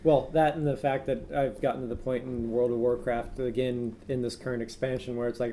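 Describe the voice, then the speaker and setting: A man co-hosting a casual gaming podcast, low-key with dry interjections. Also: fairly even intonation, brisk, mellow, slight background noise. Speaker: podcast co-host.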